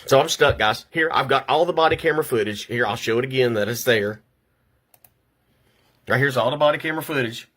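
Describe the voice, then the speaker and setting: The vlogger, an older man recording at home, is upset and trembling as he angrily rants to camera, getting tangled in repeated words. His medium-pitched voice moves fairly quickly and has a slightly bright edge.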